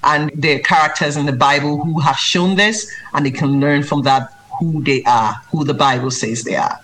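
A woman's voice: low voice, moderate pace, low-quality recording. Earnest woman children's author. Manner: earnest, emphatic, lively when mimicking reading aloud. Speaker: children's book author and maths tutor. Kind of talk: interview answers.

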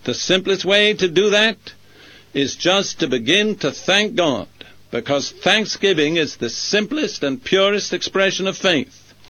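A man preacher leading a prayer in slow, measured, solemn phrases. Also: sits high, animated, sharp tone, dry recording.

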